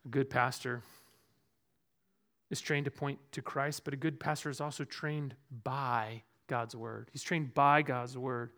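A man preaching a sermon as pastor in a church, earnest, moving between loud emphasis and quiet, dropped asides. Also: medium pitch, fairly even intonation, a little slow.

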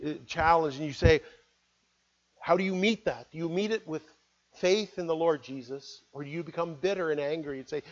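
A man preaching a sermon, earnest, moving between loud appeals and hushed, quiet words. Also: a little high, normal speed, highs cut off. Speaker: pastor.

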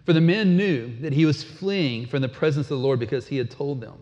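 A man's voice: a little high, a little fast, few pauses, darkish tone. A man preaching a sermon in a conversational way, often asking his listeners questions. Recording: dull sound with long hall reverb.

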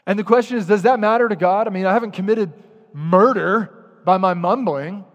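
High-voiced pastor preaching in a reverberant hall. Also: male voice, a little fast, dull audio. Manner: animated, acts out grumbling voices. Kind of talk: sermon.

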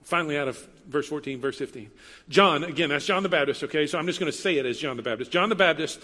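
A male pastor preaching in a relaxed, conversational way, stacking up emphatic repeated lines. His voice sits a little high, and a long hall reverb trails each phrase. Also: fast. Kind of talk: sermon.

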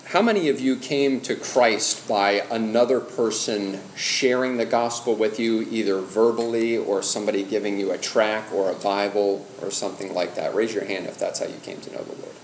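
A man's voice: lowish voice, normal speed, few pauses. A middle-aged male pastor teaching a church class on evangelism in a conversational way, asking the room questions and telling personal stories. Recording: roomy hall with faint background hum.

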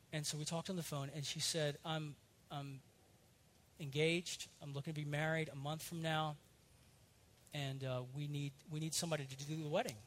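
A middle-aged male pastor teaching a sermon in an earnest, conversational way, with lively asides and self-corrections. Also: a little high.

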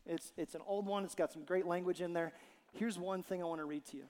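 A male pastor delivers a sermon with a lively, joking manner, slipping into little acted-out quotes. His voice sits high for a man. The sound carries a long reverb from a large church hall. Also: fairly quick. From Ohio. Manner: animated, jokey, acts out quotes.

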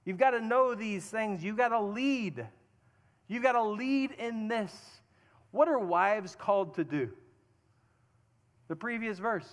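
A man's voice: sits high, lively intonation, moderate pace. A man preaching a sermon to husbands, earnest and self-deprecating, acting out little asides. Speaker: pastor. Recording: long hall reverb.

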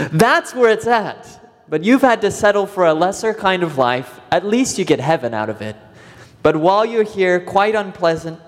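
A man preaches a sermon with an earnest, vivid delivery, drawing out key words for emphasis. His voice sits high for a man. The recording carries a long reverb from a church hall. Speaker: pastor.

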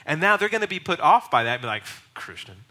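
A man's voice: a little high, very animated, rapid-fire, sharp tone. A young man, a pastor, giving a casual, conversational teaching on evangelism and acting out quoted voices. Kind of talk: sermon teaching.

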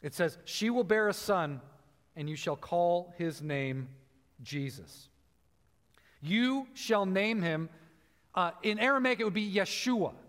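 A man preaching a sermon, explaining scripture and slowing down to stress key phrases. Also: sits high, expressive, a bit bright. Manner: teaching, emphatic with slow stressed phrases. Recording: long hall reverb.

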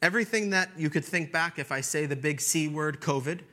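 A man preaching a sermon in a church, swinging between loud emphatic declarations and hushed, whispered lines. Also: fairly high pitch, fairly quick. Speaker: pastor.

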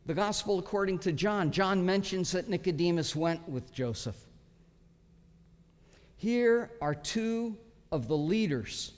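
A pastor giving an expository sermon, earnest and emphatic, pausing often as he teaches. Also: sits high, lively intonation. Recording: long hall reverb.

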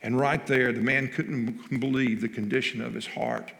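A man's voice: medium pitch, fairly even intonation, moderate pace, vocal fry, fairly bright tone. A man preaching a sermon, telling a story and then pressing its point with rising emphasis. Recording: long hall reverb.

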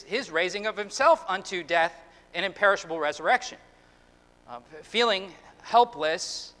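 A man preaching a sermon as pastor, earnest and halting, often restarting his words. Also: sits high, pushed and bright. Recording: long reverb of a hall.

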